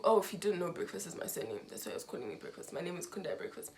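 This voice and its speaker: Woman vlogger from Zimbabwe, casual storytime, lively swoops in pitch when quoting people. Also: fast talker, a little hiss or hum. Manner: animated, lots of "like", acts out quotes with big pitch jumps.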